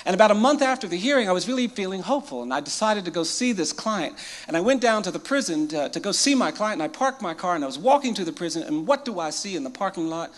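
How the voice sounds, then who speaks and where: A man, a lawyer, telling a story with dramatic pauses and quoting others in his own voice. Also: sits high, very animated. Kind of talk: storytelling talk.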